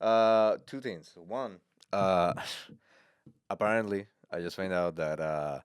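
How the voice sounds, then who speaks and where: Casual chat from a lowish-voiced man, halting and giggly. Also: smooth, dry recording, studio quality. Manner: halting, laughs often, switches into Spanish for bits. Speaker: podcast host.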